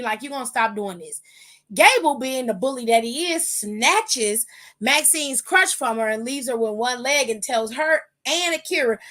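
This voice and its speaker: A woman hosts a podcast in a high, bright voice, recapping the night's show in a loose, chatty way. She is blunt and swears freely, tossing in sassy asides and playful jabs. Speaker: podcast host. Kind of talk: casual wrestling recap.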